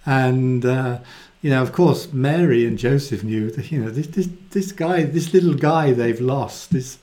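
A man giving a casual, animated Bible talk and often acting out the quoted voices in it. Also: medium pitch, measured pace. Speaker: Bible teacher. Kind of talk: conversational Bible teaching.

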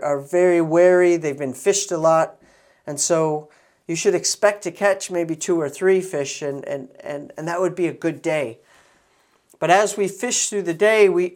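Soft-spoken man telling a sermon story. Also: a little high, a little slow. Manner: conversational, many restarts, soft intimate asides. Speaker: preacher.

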